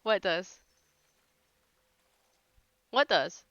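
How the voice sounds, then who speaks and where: A woman's voice: mid-range voice, animated, drawn-out words, a bit bright, no room sound, dull audio. A woman hosting a casual livestream, chatting with viewers and teasing them playfully, laughing often. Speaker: livestream host.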